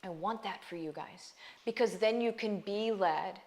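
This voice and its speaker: A woman's voice: mid-range voice, measured pace, a little mellow. A woman vlogger giving an earnest, emphatic faith talk straight to her viewers, often asking "right?" and calling them "guys.". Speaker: online business coach and vlogger. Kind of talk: heartfelt faith talk to camera.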